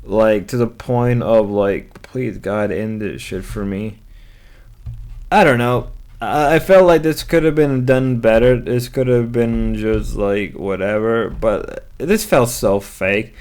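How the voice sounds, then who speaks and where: A man's voice: lowish voice, fairly even intonation, slow, darkish tone. A man giving reaction commentary on a stream clip, rambling with hesitant fillers and restarts. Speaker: commentary youtuber.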